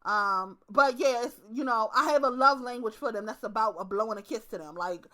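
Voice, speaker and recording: Young woman host, high bright voice, profane and lively storytelling monologue. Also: fairly quick. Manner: profane, animated storytelling with acted asides. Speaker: channel host. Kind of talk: casual monologue to camera.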